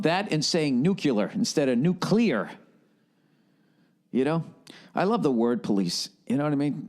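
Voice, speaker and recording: Man, podcast host, profane comedic rant, sarcastic, mocking questions, lively swooping voice, slightly high.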